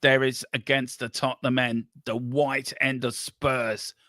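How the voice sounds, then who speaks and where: A man hosting a football watchalong, calling the play live with excitable banter. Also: medium pitch, a little slow, no room sound, clean studio sound. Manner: excitable, running commentary with banter. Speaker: watchalong host.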